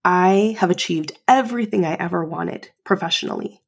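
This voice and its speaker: Woman in her 30s, gravelly husky low voice, podcast host telling her own story, lots of "you know". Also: moderate pace, hardly any pauses. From United States. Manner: candid and emotional, many fillers. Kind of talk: personal storytelling.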